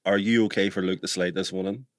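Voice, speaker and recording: A man with a Northern Irish accent, a musician guest dropping wry deadpan jokes in casual chat. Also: deep voice, fast talker, no room sound, clean studio sound. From Belfast.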